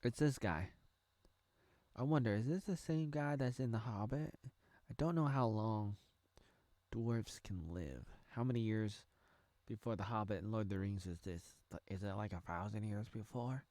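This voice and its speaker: A man's voice: fairly low pitch, normal speed, a little mellow, dry recording. A man in his thirties from the United States giving a rambling, jokey reaction commentary while watching a show. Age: 30s. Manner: rambling, jokey, thinking aloud. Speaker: reaction video creator.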